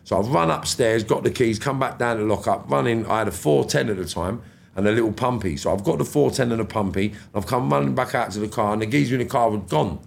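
A middle-aged London man talks with a rough, gravelly edge to his voice. He tells his story in blunt street slang and swears freely. The tone is casual, like a podcast guest speaking off the cuff. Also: medium pitch, fast talker.

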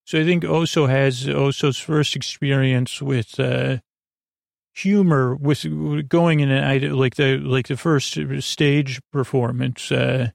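A man hosting a sleepy bedtime podcast, rambling through an episode recap in an unhurried way with lots of fillers. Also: mid-range voice, steady tone, vocal fry, no echo, clean studio sound. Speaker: podcast host.

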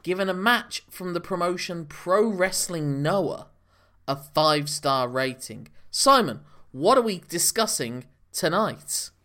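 This male co-host of a laid-back wrestling podcast speaks high, slow and bright, with lively intonation and a forceful tone. He knows his subject and goes on long explanatory stretches.

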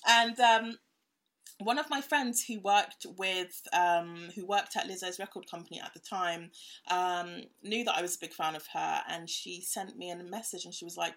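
A woman's voice: mid-range voice, a little fast, a bit bright. A young woman recounts a story as an interview guest. She talks casually, peppering her speech with fillers and little laughs. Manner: chatty with many fillers and laughs.

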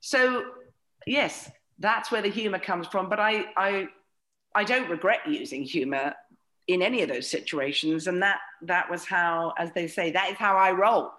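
A woman's voice: lowish voice, moderate pace, bright, forceful tone. A middle-aged woman, a comedian guest, telling wry, sweary anecdotes and acting out the voices of others. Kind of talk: anecdotal podcast chat.

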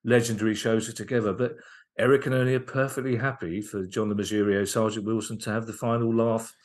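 A man, a comedian and writer, telling comedy anecdotes in a casual podcast chat, lively and enthusiastic, often restarting his sentences. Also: lowish voice, fast talker.

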